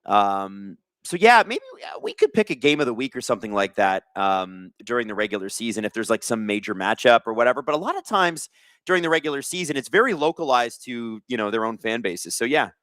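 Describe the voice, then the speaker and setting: A man in his thirties from Canada runs a casual live hockey stream, mixing play calls with jokes and chat shout-outs. His voice is bright and forward, swinging widely in pitch. The sound is dry and close, with little room around it. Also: a little fast, dry recording. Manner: jokey, reads chat aloud, bursts of excitement. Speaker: host of a live hockey watch-along stream.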